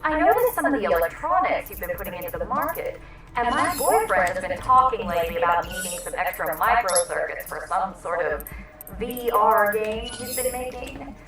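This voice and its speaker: A breezy, snooty game trader. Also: female voice, mid-range voice, lively intonation, normal speed, a bit bright. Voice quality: breezy, condescending. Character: perky, snooty young woman trader. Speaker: game character. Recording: echoey, distant game audio.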